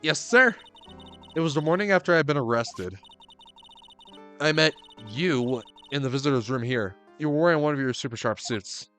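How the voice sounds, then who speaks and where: A man's voice: mid-range voice, lively intonation, moderate pace, sharp tone, faint music behind. A man voicing an earnest, hapless young woman who used to be a police officer, reading her lines with dramatic earnestness from a story game. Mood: polite.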